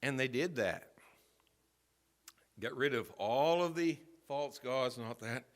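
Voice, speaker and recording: A man pastor preaching a sermon in a church, telling a story with swings from quiet asides to loud emphasis. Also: medium pitch, slow pace. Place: church sanctuary.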